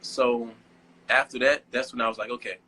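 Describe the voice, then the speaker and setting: A young man speaks in a middle-pitched, easygoing voice and tells stories with giddy energy. He laughs often and acts out quoted remarks in a livelier tone. A faint noise sits under the recording. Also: moderate pace, low-quality recording. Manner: giddy, laughing, animated storytelling. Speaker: guest model. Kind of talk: casual interview chat.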